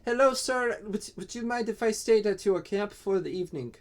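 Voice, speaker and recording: A man's voice: sits high, normal speed, voice pushed up, lightly acted. A man voicing a timid young female kobold who stammers and apologizes nervously. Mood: pleading.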